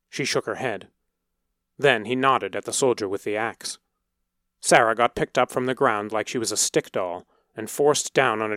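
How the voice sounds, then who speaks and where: A man narrating a story in a steady, measured reading voice. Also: mid-range voice, no room sound, studio quality.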